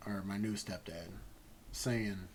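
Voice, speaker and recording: A man telling a personal story in a casual, rambling way, halting often and swearing freely. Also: fairly low pitch, steady tone, a little hiss or hum, low-quality recording. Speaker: gaming channel host.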